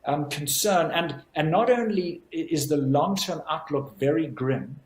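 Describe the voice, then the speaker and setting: A man's voice: fairly high pitch, expressive, unhurried, roomy sound. A man speaking as a physician guest in an interview, explaining earnestly and with emphasis.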